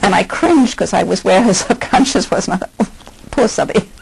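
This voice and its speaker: A woman's voice: medium pitch, animated, normal speed, vocal fry, slight background noise, rough recording. An older woman, a hypnotherapist, giving a conversational lecture and asking her listeners many questions.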